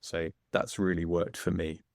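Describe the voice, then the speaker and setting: A man speaking as a podcast guest in a candid conversation, measured and reflective, pausing between phrases. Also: low-pitched, level tone, creaky, dry recording, clean studio sound.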